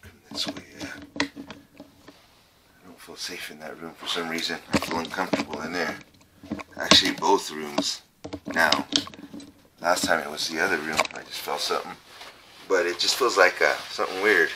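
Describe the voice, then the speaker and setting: A middle-aged man exploring an old abandoned trailer on a casual ghost-hunting vlog, talking in a halting, folksy way and repeating his words. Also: a bass voice, steady tone, very noisy. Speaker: paranormal vlogger.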